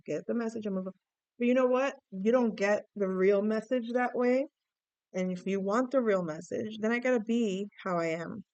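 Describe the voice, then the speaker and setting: Woman tarot reader, casual and emotive, thinks aloud with restarts; smooth tone, dry close sound. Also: mid-range voice, darkish tone, dry recording, muffled recording. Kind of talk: casual tarot reading to camera.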